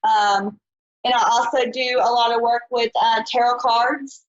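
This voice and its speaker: Woman psychic host, high and chatty, muffled live-stream sound. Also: fairly even intonation, measured pace. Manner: chatty, folksy, says honey and y'all. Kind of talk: live-stream call-in show.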